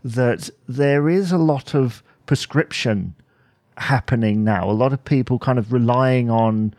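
A man hosting an interview, asking questions in a halting way with pauses and restarts. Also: mid-range voice, darkish tone, dry recording. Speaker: podcast host, interviewer.

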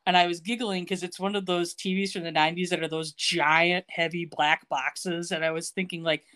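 A woman's voice: on the low side, normal speed, fairly bright tone. A woman co-hosting a podcast, recapping a TV episode in casual chat, sarcastic and laughing often. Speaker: podcast co-host.

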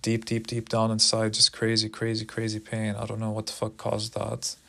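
A man's voice: fairly low pitch, completely flat delivery, moderate pace, vocal fry, sharp tone. A young man telling a personal story in a rambling, profane, casual way, often repeating words.

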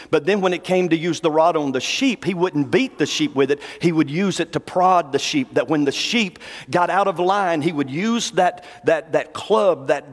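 High-voiced preacher in a reverberant hall. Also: male voice. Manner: folksy, conversational preaching, reads scripture slowly. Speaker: pastor. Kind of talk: sermon.

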